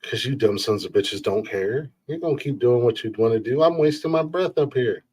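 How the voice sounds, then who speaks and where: A man's voice: medium pitch, moderate pace, darkish tone, breathy edge. A man hosting a podcast, ranting in a rambling, profane way and laughing at his own jokes. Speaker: podcast host.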